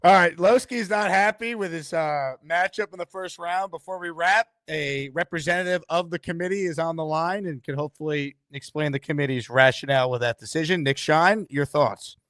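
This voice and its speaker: A man hosting a call-in show, announcing in a hyped way and quick to laugh. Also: fairly high pitch, a bit bright, no echo, clean studio sound. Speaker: host.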